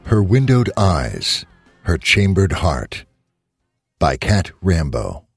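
Deep husky male story narrator. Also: takes it slowly, dry recording, soft background music. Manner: expressive storytelling. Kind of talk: audiobook narration.

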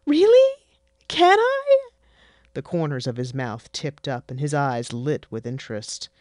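A narrator reading a fantasy story in a wry, deadpan way. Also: mid-range voice, normal speed, no room sound, clean studio sound. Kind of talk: scripted fiction narration.

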